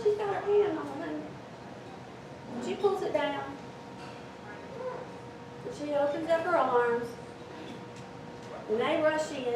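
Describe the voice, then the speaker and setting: A woman telling a story live on stage, with an animated, dramatic delivery. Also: sits high. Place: event hall with audience. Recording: echoey hall, distant mic, noisy.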